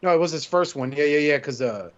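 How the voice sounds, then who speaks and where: A man's voice: a little high, lively intonation, quick pace. A man co-hosting a casual podcast chat, rambling and swearing freely. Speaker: podcast host. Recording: dull lo-fi sound.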